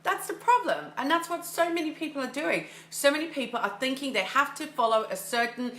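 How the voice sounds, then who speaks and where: A woman's voice: high-pitched, brisk, fairly bright tone, echoey room. A woman mindset coach giving an enthusiastic, casual motivational talk, often repeating phrases for emphasis. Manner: casual, filler-heavy delivery. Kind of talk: motivational monologue.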